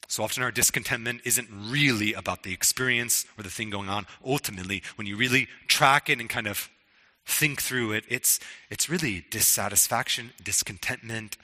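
Man, pastor, sermon, earnest and conversational, crisp bright tone, reverberant hall. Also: lowish voice. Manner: earnest, conversational preaching with frequent restarts.

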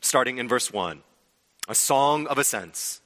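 A man preaching a sermon, swinging from loud emphasis to hushed, drawn-out words. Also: medium pitch, animated. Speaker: pastor. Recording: long hall reverb.

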